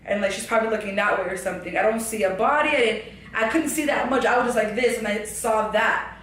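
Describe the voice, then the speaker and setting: A young woman with a bright, sharp voice recounts a personal story in a loose, rambling way, packed with fillers. She drops to a hush and then springs back up, and her voice rings in an echoey room. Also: on the high side, quick pace. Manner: rambling, filler-heavy, shifts from hushed to animated. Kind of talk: casual storytelling to camera. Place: her apartment.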